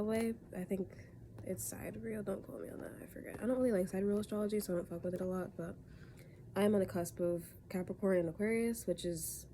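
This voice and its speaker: Lying in bed at home with a stuffy cold, a young woman rambles through a casual tarot reading, loose and frequently correcting herself. The voice is fairly low and dark, with a little hiss or hum in the recording.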